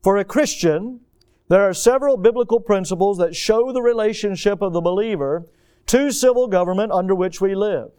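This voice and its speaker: High-voiced pastor preaching. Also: male voice, darkish tone, clean tone. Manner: earnest preaching, slows for emphasis on key phrases. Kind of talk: sermon.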